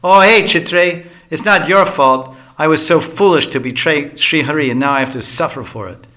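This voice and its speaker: A man's voice: mid-range voice, expressive, measured pace, bright, forceful tone. A man voicing a boastful, hungry young male Brahmin jester who whines and pleads indignantly.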